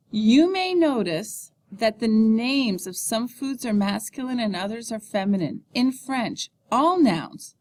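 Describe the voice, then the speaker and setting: A woman with a somewhat high voice teaches a recorded class on her computer. She explains in English and slows down to model each French phrase for students to repeat. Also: a little mellow.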